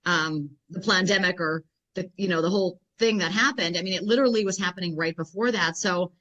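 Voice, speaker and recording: A woman guest in an interview, a health and fitness professional telling stories in a rambling, animated way full of fillers. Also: on the low side, fairly quick, highs cut off. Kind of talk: casual interview storytelling.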